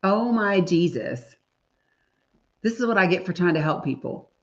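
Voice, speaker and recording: A woman hosts a casual livestream, speaking emphatically and straight to her viewers in a lowish, animated voice at a moderate pace. The stream audio is dull and lo-fi.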